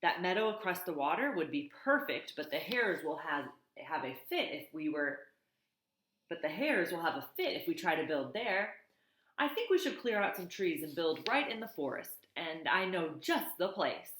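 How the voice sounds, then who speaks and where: A woman's voice: on the low side, very animated, moderate pace, fairly bright tone, echoey room. A woman voicing a chatty, helpful male beaver who builds lodges, eager and bossy as he gives advice.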